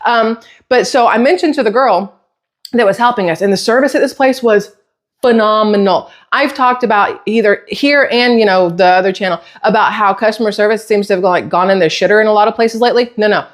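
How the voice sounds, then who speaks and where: A woman's voice: mid-range voice, fairly quick. A middle-aged woman vlogging casually from her home kitchen, rambling off on tangents and swearing lightly. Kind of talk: casual chatty vlog.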